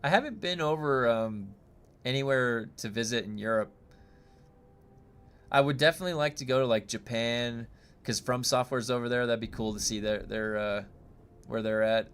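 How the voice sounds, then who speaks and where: A man's voice: medium pitch, moderate pace, a bit bright, clear, resonant tone. A man from the United States streaming a game and chatting casually with viewers, rambling with many fillers and restarts.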